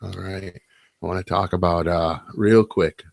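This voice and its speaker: A gravelly man with a lowish voice co-hosts a late-night podcast chat. He is opinionated and makes crude jokes, stumbling over his own restarts. The sound is dry and close. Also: steady tone, unhurried, no room sound. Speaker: podcast co-host. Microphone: webcam setup.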